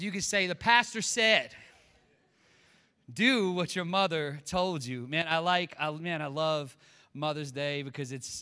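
Joking pastor in a reverberant hall. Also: male voice, a little high. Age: middle-aged. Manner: joking, chatty, animated asides. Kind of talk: casual humorous sermon. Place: church sanctuary.

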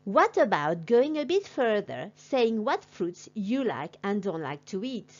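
A woman teaching a language lesson to a class, talking slowly and deliberately in an encouraging way. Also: mid-range voice, big pitch swings, muffled recording.

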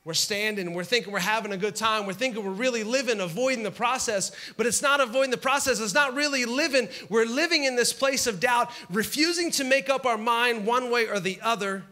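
Bright, high-voiced joking pastor. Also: male voice, a little fast, few pauses. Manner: conversational, humorous, acts out scenes. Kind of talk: sermon.

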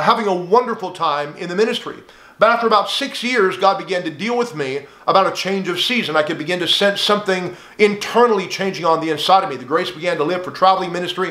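A man's voice: sits high, bright, forceful tone, roomy sound. A man teaching a sermon, earnest and direct, addressing the listener as friend. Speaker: pastor.

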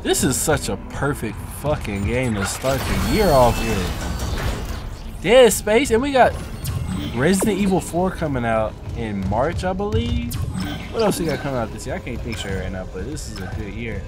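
A man's voice: medium pitch, moderate pace. A man giving casual let's play commentary on a horror game, cursing and yelping whenever something startles him. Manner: excitable, yelps and curses when startled. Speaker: gaming streamer. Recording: loud music under the voice.

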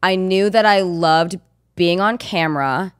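Low-voiced young woman, candid and profane. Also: a little slow, clear, resonant tone, dry recording, clean studio sound. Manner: candid, swears freely, rambling. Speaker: podcast guest. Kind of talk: casual chat.

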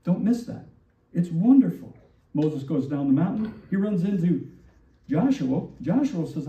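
Animated preacher in an echoey church. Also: male voice, on the high side, moderate pace. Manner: animated, rhetorical questions, acts out quoted lines. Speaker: pastor. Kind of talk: sermon. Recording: distant, roomy, dull church recording.

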